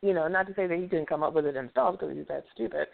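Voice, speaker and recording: A woman's voice: sits low, rapid-fire, creaky. A woman giving blunt, opinionated commentary in a casual chat, chuckling now and then as she talks. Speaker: show regular giving opinions. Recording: tinny phone-like sound.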